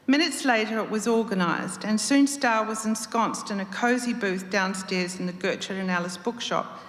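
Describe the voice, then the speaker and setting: A woman reads her own story aloud to a live audience in an expressive, measured way. Her voice sits at a middle pitch. The hall gives it a roomy, long reverb. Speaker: writer reading her story. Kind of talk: reading fiction aloud to an audience. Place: live reading event in a hall.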